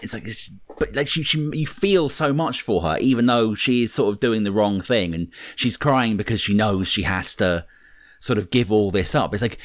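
Guy cohosting a podcast, lowish voice, eager and chatty, dry close sound. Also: normal speed, no echo. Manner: conversational, enthusiastic, says "like" a lot. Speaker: podcast co-host. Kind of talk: casual chat.

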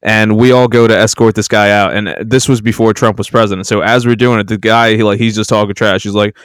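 Low, smooth-voiced man in casual chat. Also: fairly even intonation, fairly quick, few pauses, no room sound, clean studio sound. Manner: hesitant with fillers, joking.

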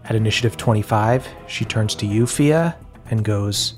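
A man's voice: lowish voice, normal speed, faint music behind. A man narrating as game master of a tabletop game, in a loose, descriptive way with frequent fillers.

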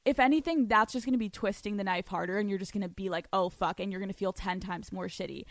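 A young adult woman hosts a podcast, speaking quickly in a mid-range voice as she chats bluntly, swears a lot, tells animated stories, and reads and answers listener letters. The recording is dry with clean studio sound.

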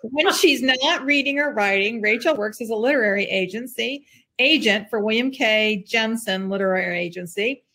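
A woman co-host reads through a guest introduction and drops in playful guesses as she goes. Her voice sits a little high. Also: normal speed, fairly bright tone. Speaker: podcast co-host. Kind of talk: casual chat, reading a bio.

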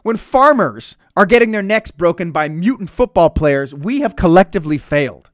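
A man's voice: high-pitched, expressive, moderate pace, dry recording, clean studio sound. A man hosting a comedic podcast, talking in a sarcastic, profane, ranting way. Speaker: podcast host.

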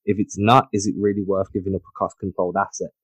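A man's voice: low-pitched, level tone, quick pace, no room sound. A man co-hosting a sports podcast in casual chat, blunt, opinionated and teasing. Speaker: podcast co-host.

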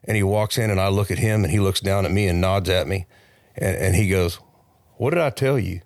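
A man, a podcast guest, telling a long casual anecdote with lots of restarts and animated asides. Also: deep voice, fairly quick, dry recording, studio quality. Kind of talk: casual storytelling. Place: recording studio.

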